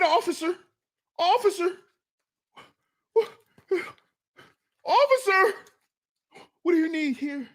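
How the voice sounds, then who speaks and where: A man mimicking a frightened grown man who stammers and pleads with a police officer in a high, whiny voice. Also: a little mellow.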